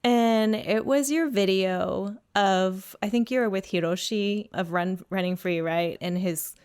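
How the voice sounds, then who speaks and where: A woman's voice: medium pitch, measured pace, a little mellow, clear, resonant tone. A woman hosting a podcast, chatty and giggly, prompting her guest with questions. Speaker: podcast host. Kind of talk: casual chat.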